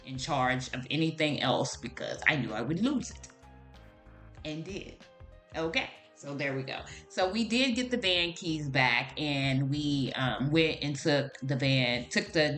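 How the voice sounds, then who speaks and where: Chatty low-voiced woman vlogger. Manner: chatty, talks straight to viewers as "y'all"; animated exclamations. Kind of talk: casual storytelling to the camera.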